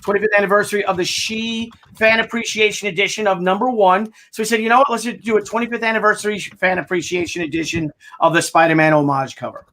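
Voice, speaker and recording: A man's voice: high-pitched, fast, creaky, hardly any pauses, sharp tone. An American man hosting a casual crowdfunding update, rambling and joking, often stumbling over his words. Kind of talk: casual chat.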